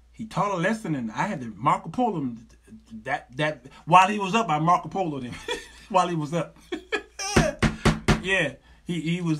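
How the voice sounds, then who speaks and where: A husky, bright-toned man. He hosts a live show off the cuff, swinging his pitch high and low as he plays out every voice in his stories himself. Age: 50s. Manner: animated, acts out both sides of stories in raised voices. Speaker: show host. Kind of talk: live call-in talk show.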